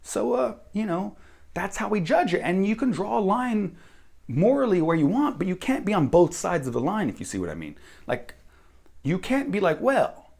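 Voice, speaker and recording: A man's voice: sits high, very animated, normal speed, vocal fry, a little mellow. An American man giving a blunt, profane opinion monologue as a vlogger. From United States.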